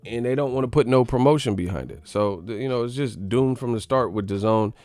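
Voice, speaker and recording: Guy ranting about boxing, cussing n mocking, mid pitch, dry close mic, lil music behind. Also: brisk, darkish tone, dry recording. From United States. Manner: profane, mocking, riffing. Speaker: boxing commentator. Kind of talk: casual rant.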